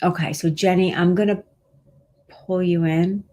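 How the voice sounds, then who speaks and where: A woman with a fairly low voice hosts a live stream as a pet medium. She talks casually and reassuringly, meandering through fillers and restarts. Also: fairly even intonation, a little slow. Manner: warm-hearted, reassuring, rambling with many fillers.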